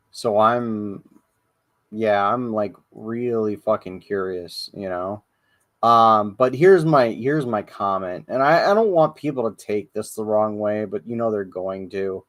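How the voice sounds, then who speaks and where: A man's voice: on the low side, slow, fairly bright tone. A man hosting a casual livestream, rambling and swearing with lots of fillers and restarts. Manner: rambling, profane, many fillers. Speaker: podcast host.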